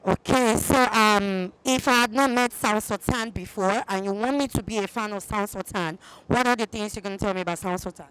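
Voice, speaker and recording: A woman reporting from an event, greeting and questioning a guest in a brisk, friendly way. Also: medium pitch, fairly bright tone, smooth, low-quality recording.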